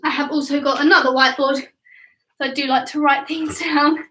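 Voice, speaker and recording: A cheerful young woman leads a children's home workout, encouraging everyone and counting out reps. Her voice is high and crisp. It echoes around a room at home, picked up from some distance. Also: fairly even intonation, fairly quick, a bit bright. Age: 20s. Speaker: kids' gymnastics coach. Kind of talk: instructional workout class.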